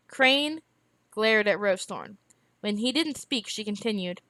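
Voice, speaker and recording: A woman's voice: mid-range voice, animated, a little slow, sharp tone, no echo. Woman reading a novel aloud, dry. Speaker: reader.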